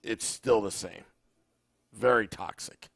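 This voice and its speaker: A man's voice: fairly low pitch, takes it slowly, creaky, no room sound, clean studio sound. A man hosting a sports podcast, talking easily and hesitantly with many restarts. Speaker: podcast host. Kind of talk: casual podcast chat.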